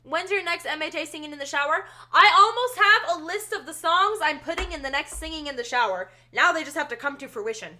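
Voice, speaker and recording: A woman's voice: high-pitched, expressive, brisk, hardly any pauses, sharp tone. A young woman streaming a game live, bubbly and chatty as she thanks viewers and reads the dialogue aloud.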